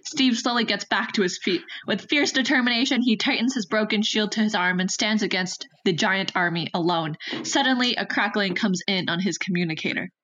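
A woman narrating stage directions in a casual fan script reading, briskly and sometimes stumbling over names. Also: medium pitch, a bit bright, low-quality recording.

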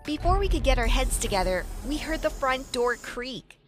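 A young woman narrating a first-person story in a lively, expressive way. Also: high voice, moderate pace, faint music behind.

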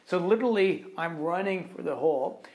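A man's voice: high-pitched, fairly quick. Rambling man telling a work story. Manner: animated, acts out other people's quotes; rambling with fillers like "right?" and "kind of thing". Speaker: podcast co-host. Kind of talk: casual storytelling chat.

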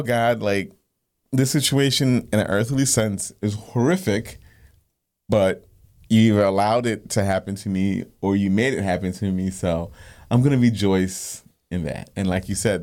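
A man's voice: fairly low pitch, a little mellow. A man co-hosting a Christian podcast, talking casually and often asking "you know what I mean". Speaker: podcast co-host. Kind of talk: casual faith discussion.

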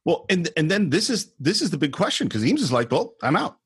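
A man co-hosting a casual film discussion podcast, animated and acting out the characters' lines. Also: on the high side, brisk, breathy edge, no room sound, studio quality. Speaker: podcast co-host.

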